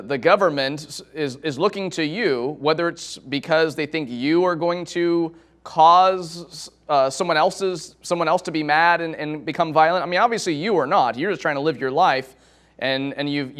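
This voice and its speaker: Host: man, slightly high voice, rambling questions, stammers. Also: a bit bright. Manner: halting, stammering, loose phrasing. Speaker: interview host. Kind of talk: interview questions.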